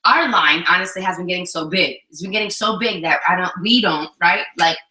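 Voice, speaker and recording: A woman's voice: fairly low pitch, a little fast. A woman co-hosting a casual chat about relationships, telling stories animatedly and acting out what people said. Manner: animated storytelling, acts out quotes. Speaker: co-host. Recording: echoey room.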